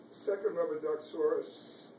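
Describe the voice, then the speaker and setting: A man's voice: on the high side, fairly even intonation, moderate pace, mellow. A man reading a picture book aloud to small children in a preschool classroom, quizzing them and encouraging their answers. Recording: roomy, distant, noisy classroom sound.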